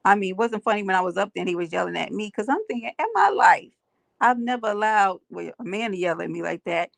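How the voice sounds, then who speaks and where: A woman's voice: mid-range voice, expressive, fast, vocal fry, dry recording. A woman hosting a live stream, chatting to her viewers, greeting commenters and telling stories. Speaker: livestream host. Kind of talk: casual gossip chat to viewers. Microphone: earphones with mic on a live stream.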